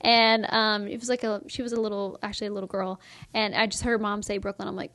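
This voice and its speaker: A woman's voice: on the high side, steady tone, fast, fairly bright tone, dry recording. A young woman co-hosting a faith podcast, chatting casually in a bubbly, giggly, rambling way. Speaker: podcast co-host. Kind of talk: casual chat.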